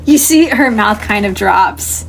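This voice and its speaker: A woman's voice: medium pitch, animated, measured pace, creaky, slight background noise. A young woman narrating as game master in a casual college tabletop game podcast, rambling with fillers. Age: young adult.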